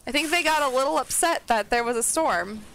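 A woman streamer giving casual commentary on her game, talking to herself and often breaking into excited squeals and exclamations. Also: high-pitched, a little fast.

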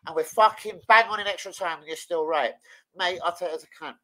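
A man's voice: high-pitched, quick pace, low-quality recording. A man hosting a live football watch-along stream, ranting angrily and swearing constantly. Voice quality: sweary, loud and ranting, swings from shouting to muttering. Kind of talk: heated football fan rant.

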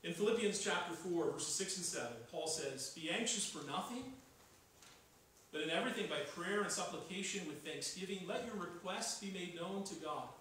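Male pastor, earnest sermon delivery, fairly high voice, booming hall echo, distant mic. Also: expressive, normal speed, a bit bright, a little hiss or hum. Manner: earnest, rising to urgent emphasis. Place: church sanctuary. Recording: echoey hall, voice from far off.

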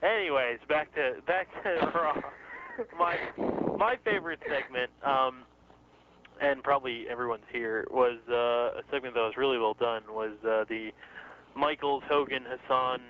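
A man's voice: medium pitch, fairly even intonation, a little slow. A man from New York co-hosting a podcast in casual chat, rambling with lots of fillers and restarts. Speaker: podcast co-host. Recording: dull lo-fi sound with faint noise.

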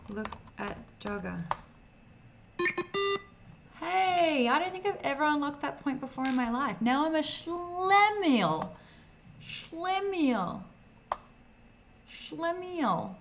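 A woman's voice: medium pitch, gravelly, a bit bright, a little hiss or hum. A woman streaming an old computer game in casual, self-mocking commentary, reading game text aloud as she plays.

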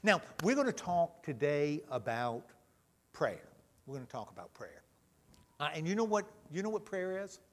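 A man leading a children's talk in church, gentle and full of questions. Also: on the high side, big pitch swings, moderate pace. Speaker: pastor leading a children's message. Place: church sanctuary.

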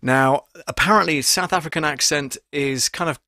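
A man, a voice actor hosting a live stream and talking his viewers through his work in a chatty, animated way full of fillers. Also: on the high side, normal speed, no echo, clean studio sound. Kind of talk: casual live-stream teaching talk. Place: home studio booth. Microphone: studio microphone at close range.

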